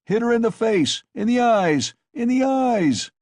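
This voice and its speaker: A man reading an audiobook, voicing a drunken, brutal peasant man who shouts ferociously. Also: extremely high pitch, sing-song, a little slow, dry recording, clean studio sound, voice pushed up, exaggerated voice. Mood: furious shouting.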